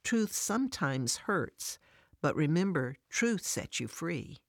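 A patient male spiritual guide, voiced by a woman, calm and kind. He speaks quietly in a low voice. The sound is dry and close. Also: takes it slowly, no echo, exaggerated voice. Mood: gentle.

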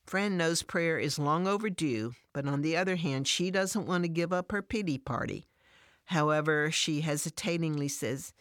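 Low-voiced woman narrating a story. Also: moderate pace, no echo, studio quality. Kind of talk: scripted devotional story narration.

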